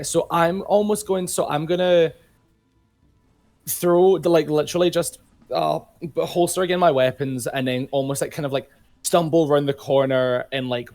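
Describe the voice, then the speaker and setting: A man's voice: on the high side, a little mellow. A young man playing a tabletop game, describing his moves in a rambling, filler-heavy way. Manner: rambling, lots of filler words. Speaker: player. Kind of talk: casual tabletop play.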